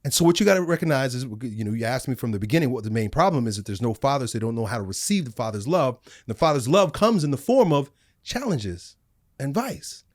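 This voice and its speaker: A middle-aged man, a guest on a studio podcast, telling animated stories and acting out the people in them. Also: medium pitch, fast talker. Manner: animated storytelling, acts out voices in anecdotes. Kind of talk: casual studio conversation.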